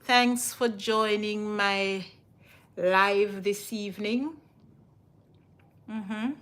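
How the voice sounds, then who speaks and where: A woman's voice: mid-range voice, steady tone, very slow, fairly bright tone. A middle-aged Jamaican woman hosting a casual cooking livestream from her home kitchen, chatting with viewers and repeating herself often.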